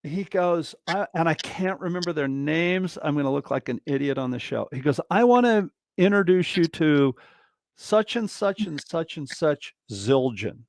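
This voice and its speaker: On a video call livestream mic with no room sound, a man with a higher-pitched voice talks at normal speed. He's a guest drummer spinning rambling stories in a casual interview, full of fillers and restarts, animatedly raising his voice to act out what others said.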